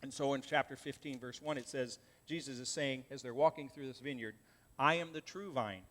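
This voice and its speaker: A man's voice: mid-range voice, fairly quick, a bit bright. A man preaching a sermon as pastor, reading scripture aloud and speaking earnestly and directly to his congregation in a church. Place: church sanctuary. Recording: long church reverb.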